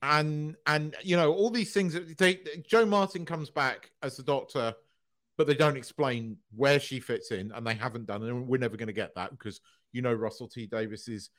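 A man's voice: medium pitch, normal speed, fairly bright tone. Ranting man on a podcast. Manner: opinionated, swearing, ranting. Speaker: podcast co-host. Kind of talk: casual podcast chat.

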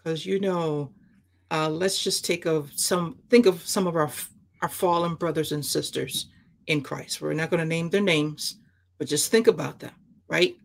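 A woman co-hosting a ministry podcast, talking through a Bible parable in a lively, conversational way and slipping into character voices. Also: low voice, normal speed, gravelly. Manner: animated, acts out the characters she describes.

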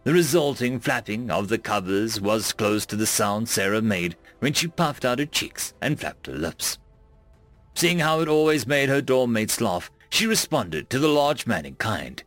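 A man narrating a science fiction story in a measured, expressive reading. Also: mid-range voice, faint music behind.

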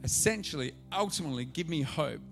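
A man preaching a sermon as pastor, telling a story and swinging from hushed asides to loud, excited calls. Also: a little high, fairly quick, vocal fry, soft background music.

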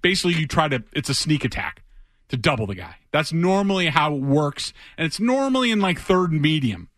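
A man's voice: fairly high pitch, very animated, brisk, a bit bright, dry recording. A man, a football reporter appearing as a guest in a radio studio, explaining plays in careful detail in a casual way. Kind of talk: sports radio talk.

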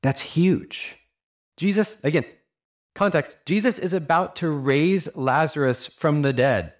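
A man's voice: fairly high pitch, takes it slowly. A man pastor giving a sermon in an earnest, conversational way, asking his listeners many rhetorical questions and using casual fillers.

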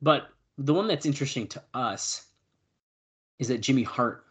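A male podcast co-host in casual chat, reading out old news notes and adding quick asides. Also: mid-range voice, lively intonation, fairly bright tone.

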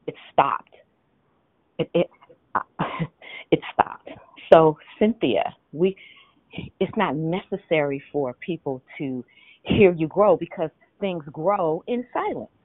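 A woman leading a group call, giving spiritual teaching in a measured, teacherly way with rhetorical questions. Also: sits low, expressive, no echo. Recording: tinny phone line.

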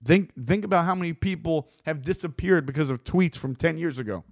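A man delivering a blunt, opinionated monologue as a host, swearing freely and getting animated. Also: a little high, brisk, gravelly, dry recording, clean studio sound.

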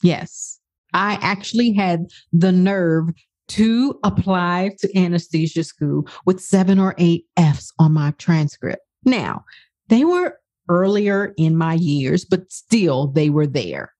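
A woman's voice: fairly low pitch, slow, a little mellow. A woman in her sixties, a life coach hosting her own podcast, talking passionately and bluntly, with swearing for emphasis. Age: 60s. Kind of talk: podcast monologue.

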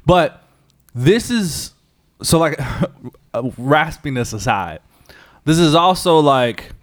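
A young man co-hosting a casual movie review chat, animated and swearing a lot, often mimicking voices. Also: a little high, takes it slowly, no echo, studio quality. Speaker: podcast co-host.

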